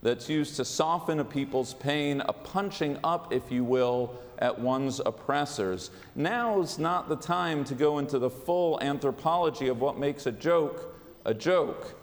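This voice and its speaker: A man giving a sermon as a rabbi, with a measured, wry delivery. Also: fairly high pitch. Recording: long hall reverb.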